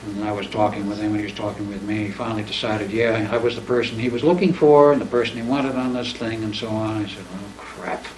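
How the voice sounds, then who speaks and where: A man with a lowish voice talks quickly, barely pausing, as he spins a long, rambling personal story during a relaxed living-room chat. He's animated and acts out the quoted dialogue. The mic sits at a distance in a roomy space, with faint background noise.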